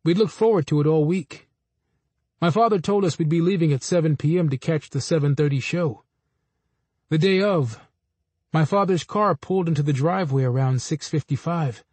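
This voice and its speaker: A man reading a memoir aloud in a steady, measured storytelling voice. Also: fairly high pitch, dry recording. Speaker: narrator. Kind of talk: audiobook memoir narration.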